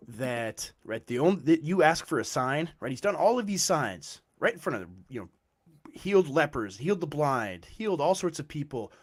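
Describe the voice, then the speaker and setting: Animated man explaining scripture. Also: on the high side, slightly rough. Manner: animated, explains with frequent "right?" checks. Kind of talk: casual theological discussion.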